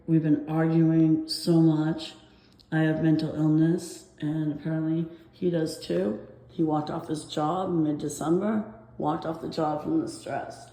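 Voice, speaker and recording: Breathless, anxious woman vlogging on her phone; mellow tone, roomy echo. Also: low voice. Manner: rambling, anxious, with nervous laughs. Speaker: vlogger filming her apartment complaints. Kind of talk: casual walking vlog.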